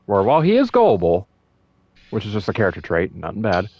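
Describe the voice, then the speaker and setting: A man chatting casually as a fan, animated and full of restarts. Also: lowish voice, fast talker. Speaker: fan discussing a movie trailer. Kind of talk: casual chat. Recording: dull lo-fi dry sound.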